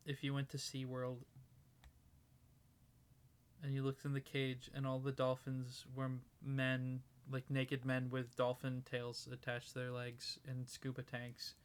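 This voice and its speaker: A woman's voice: a bass voice, clean tone. A young woman co-hosting a podcast in casual chat, spinning absurd hypothetical scenarios and laughing often. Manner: spins absurd hypotheticals, giggly. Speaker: podcast co-host.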